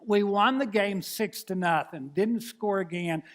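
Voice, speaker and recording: A man in his sixties, a pastor telling a folksy, animated story in a sermon. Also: sits high, measured pace. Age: 60s.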